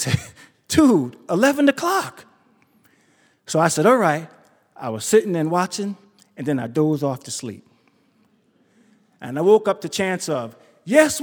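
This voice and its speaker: Animated New man telling a story on stage. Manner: animated, acts out quotes with big pitch jumps. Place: theater stage before an audience. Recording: live stage recording with hall reverb.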